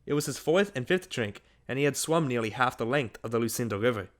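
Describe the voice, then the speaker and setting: A man reading a literary short story aloud as an audiobook narrator, in a measured, unhurried manner. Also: mid-range voice, expressive.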